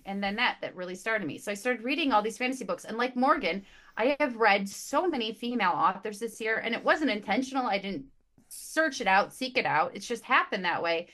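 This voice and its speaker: A woman in a casual book chat, speaking at a mid pitch for a woman. She gushes and is emotionally expressive, trips over her own words and repeats herself as her thoughts race ahead. She talks like a panelist among friends. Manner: quick restarts and repeated words. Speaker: podcast panelist.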